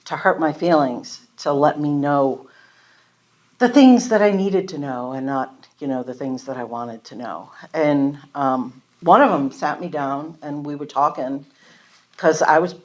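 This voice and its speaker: A woman's voice: deep voice, unhurried, a little mellow. A woman giving a candid, self-deprecating personal recovery testimony to a live audience in a meeting room, telling her story and acting out the conversations in it.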